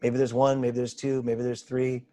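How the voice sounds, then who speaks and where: A man guiding a slow, pausing meditation over a video call, asking gentle questions. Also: medium pitch, level tone, soft background music. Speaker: spiritual teacher. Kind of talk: guided meditation.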